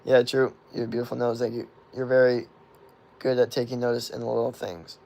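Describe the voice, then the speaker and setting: A man's voice: medium pitch, completely flat delivery, fairly quick, gravelly, mellow. A man in his twenties rambling through chat questions on a livestream, swearing freely and leaning on "like" and "you know" as fillers. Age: 20s. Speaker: streamer answering chat questions.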